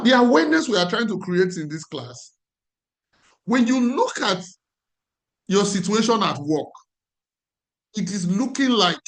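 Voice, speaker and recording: A man with a Nigerian accent, a life coach teaching a class in an emphatic way and repeating his key phrases. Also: high voice.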